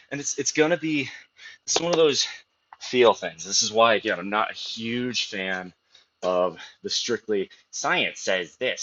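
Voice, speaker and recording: A man's voice: lowish voice, a bit bright. A man streaming live from a gym, chatting casually and with strong opinions between sets, swearing freely, in dull lo-fi audio. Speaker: streamer working out. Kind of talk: casual workout chat while lifting.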